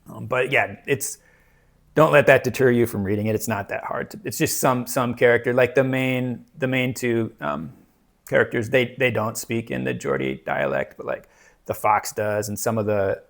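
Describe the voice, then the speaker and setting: Talking about books in a relaxed way, this American man rambles and keeps restarting, his speech full of fillers. He's a book reviewer whose mid-range voice has a creaky quality.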